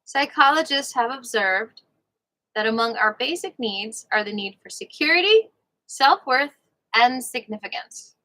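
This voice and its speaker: A woman from New York reads a book aloud on a livestream. Her voice is fairly high and sharply bright, and she takes her time, leaning on key words as she reads. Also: expressive, poor audio. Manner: unhurried, leaning on words, breaks off for playful asides. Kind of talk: reading nonfiction aloud on a livestream.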